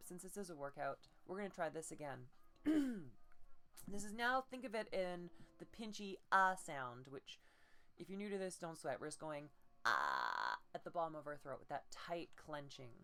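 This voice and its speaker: A woman with a low, bright voice leads a streamed voice-training lesson. She talks in a subdued, patient way and swings widely in pitch as she coaches. Her tone stays clear and forward between exercises. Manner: subdued, patient instruction broken by demonstrated croaks and pinched tones. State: low energy.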